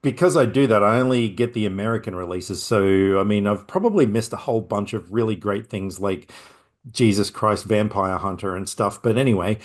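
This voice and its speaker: A man's voice: lowish voice, moderate pace. Rambling male podcast host. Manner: rambling, lots of fillers and asides. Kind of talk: casual film chat.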